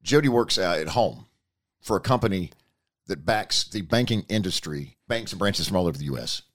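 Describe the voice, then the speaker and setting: A man's voice: sits low, lively intonation, normal speed, fairly bright tone. A man hosting a podcast in casual, rambling, folksy chat. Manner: rambling, folksy, repeats himself. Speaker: podcast host.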